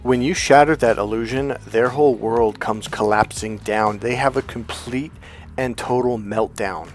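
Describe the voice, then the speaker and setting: A man giving a casual monologue as a relationship coach, animated and profane, acting out bits of dialogue. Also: medium pitch, normal speed, soft background music.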